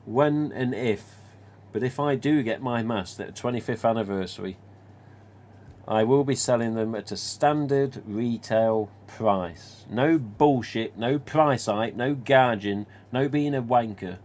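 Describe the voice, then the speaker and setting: A man's voice: mid-range voice, unhurried, a little mellow. Chatty man hosting a stream. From England. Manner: rambling and anecdotal, with mild swearing. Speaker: live stream host. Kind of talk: casual live stream chat.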